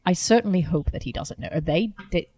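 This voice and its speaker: A woman playing a tabletop role-playing game, reacting with quick quips. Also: on the low side, over a noisy crowd. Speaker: player.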